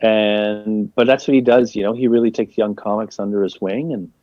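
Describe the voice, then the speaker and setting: A young male comedian chats in a loose, rambling way. His voice is low and mellow. The recording is dull and lo-fi, with a dry, close sound. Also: fairly even intonation, normal speed, dry recording. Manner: rambling, laid-back, lots of "like" fillers. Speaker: guest comedian. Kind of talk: casual interview chat.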